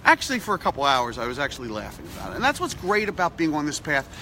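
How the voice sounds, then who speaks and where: Bright-voiced chatty man outdoors. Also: on the high side, very fast, a little hiss or hum. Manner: chatty and animated, repeats phrases for emphasis. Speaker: vlog host. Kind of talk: upbeat motivational vlog talk. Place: outdoors on a snowy street.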